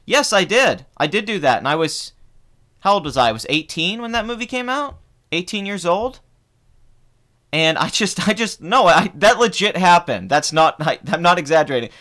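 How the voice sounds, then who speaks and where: A young man in his twenties rants in casual live stream chat, swearing freely. His voice sits somewhat high for a man. It jumps up and down with lively energy. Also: moderate pace. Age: 20s. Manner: profane, heated ranting. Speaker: film review channel host.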